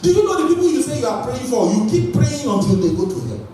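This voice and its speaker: Animated male preacher in an echoey hall. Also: extremely high pitch, fast talker, over music. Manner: energetic, call-and-response with congregation. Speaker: pastor. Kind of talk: sermon. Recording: echoey hall, voice from far off, faint noise.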